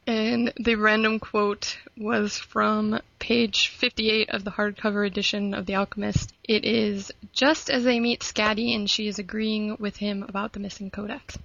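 A woman's voice: mid-range voice, little pitch movement, measured pace, gravelly, hardly any pauses, a bit bright, dry recording, muffled recording. A woman hosting a casual book podcast, laughing often as she chats. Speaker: podcast host.

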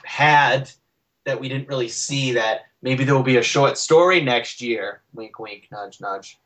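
A man's voice: medium pitch, unhurried, fairly bright tone, rough recording. A man co-hosting a fan podcast in casual chat, teasing and joking with his co-hosts. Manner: jokey, teasing, puts on silly bits. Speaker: podcast co-host.

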